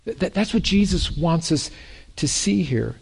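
A man preaching a sermon in a lively way, with joking asides and repeated words. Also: fairly high pitch, normal speed, vocal fry, husky. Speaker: pastor.

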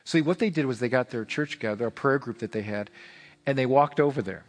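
A man preaching a sermon as pastor, emphatic and repetitive, swinging between fervent and hushed. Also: medium pitch, fast talker, in a large hall. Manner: repeats phrases for emphasis. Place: church sanctuary.

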